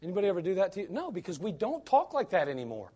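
A man preaching with a bright, high voice that leaps up and down as he drives home his points. He talks bluntly and emphatically. He keeps firing rhetorical questions at his listeners. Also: wildly swooping pitch, very fast, slightly rough. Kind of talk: sermon.

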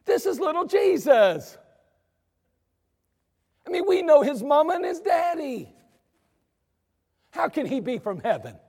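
Preacher doing a high mocking townsman, gossipy and doubtful, big church echo. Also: sing-song, unhurried, creaky, long pauses, mellow, exaggerated voice. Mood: incredulous. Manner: incredulous, mocking. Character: scoffing small-town man, doubtful and gossipy. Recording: long church reverb.

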